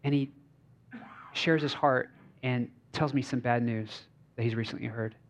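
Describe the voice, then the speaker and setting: A man's voice: medium pitch, steady tone, measured pace, a little hiss or hum. A male pastor giving a conversational sermon, telling stories informally with frequent fillers and restarts. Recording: slightly dull lo-fi recording.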